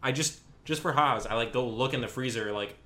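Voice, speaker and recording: Young male podcast host, casual storyteller, lots of "like", mid-pitched. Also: fairly quick, pushed and bright. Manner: rambling, filler-heavy anecdote telling.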